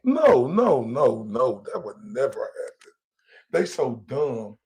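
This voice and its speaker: Gravelly, taunting man ranting on stream. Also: mid-range voice, very animated, takes it slowly, a little mellow. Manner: profane, taunting, confrontational. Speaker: livestream host. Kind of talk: heated livestream rant. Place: lives in Dallas, Texas.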